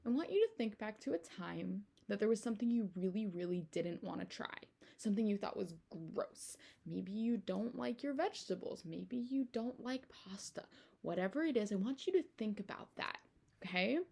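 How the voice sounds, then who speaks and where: A woman's voice: medium pitch, normal speed, vocal fry, husky. A young adult woman teacher reading a picture book aloud to her class, asking the children questions as she goes. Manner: animated storytime delivery with questions to children.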